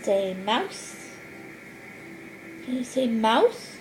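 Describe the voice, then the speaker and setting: A woman in a home video, coaxing a toddler with slow, sing-song baby talk. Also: fairly high pitch, sing-song, background noise. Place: family home indoors.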